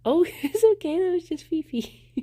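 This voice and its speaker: A woman's voice: very high-pitched, lively intonation, slow, mellow. A woman hosting a casual livestream, chatting to viewers and cooing to her pets with frequent giggles. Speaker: livestream host.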